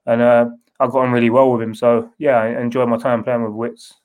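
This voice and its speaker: A man's voice: mid-range voice, level tone, fairly quick, phone-quality sound. A man, a former footballer answering interview questions in a loose, rambling way with many restarts. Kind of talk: casual interview.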